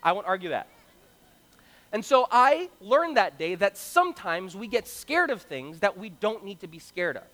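High-voiced young man preaching in a hall. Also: moderate pace. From Brazil. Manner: animated, acts out quoted voices. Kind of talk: sermon storytelling. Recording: long hall reverb.

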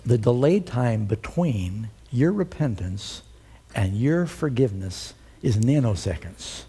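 Husky, mellow-voiced preacher man. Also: lively intonation, takes it slowly. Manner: dramatic, reads scripture aloud with big swings in pitch; conversational asides to the congregation. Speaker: pastor. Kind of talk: sermon.

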